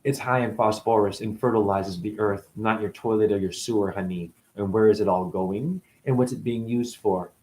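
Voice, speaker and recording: A man talking as a spiritual teacher in a rambling, profane casual monologue that swings between loud and muttered. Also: lowish voice, steady tone, normal speed, hardly any pauses.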